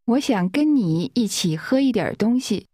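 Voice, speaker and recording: A woman modeling phrases in a language course drill with slow, careful pronunciation. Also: fairly high pitch, lively intonation, mellow, slightly rough, no room sound, clean studio sound.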